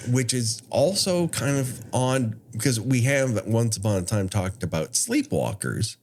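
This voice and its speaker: A man's voice: medium pitch, big pitch swings, unhurried, a little hiss or hum. A man co-hosting a podcast, recapping a horror film in casual chat with wry asides and frequent laughs. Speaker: podcast co-host.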